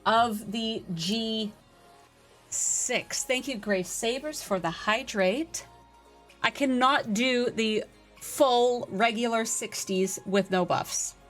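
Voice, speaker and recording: A woman game streamer talks through a live session, chatty and excitable as she answers her viewers. Her voice sits fairly high. Faint game music runs underneath. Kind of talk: casual live-stream chat.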